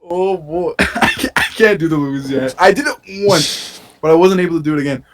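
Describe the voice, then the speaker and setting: A man's voice: a little high, brisk, slight background noise. A young American man co-hosting a podcast, rambling and swearing in casual chat from his bedroom. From United States. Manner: excitable, rambling, swears a lot. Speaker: podcast co-host.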